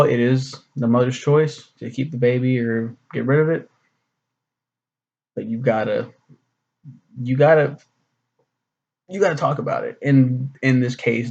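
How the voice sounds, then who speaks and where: Gravelly, rambling man reviewing a comic. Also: mid-range voice, darkish tone, highs cut off. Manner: rambling, profane, lots of fillers. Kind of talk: casual recap and commentary.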